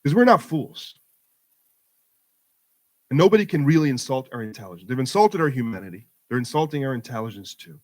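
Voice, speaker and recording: A middle-aged man speaks with passion to a gathered community at a mosque event. His voice sits at an ordinary pitch for a man. He drives his points home through repeated phrases, pushing up and dropping back for emphasis. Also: sing-song, brisk, long pauses, a little mellow. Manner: emphatic, rhetorical repetition, rising and falling for emphasis. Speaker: guest speaker at community program. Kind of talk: impassioned public talk to a community audience.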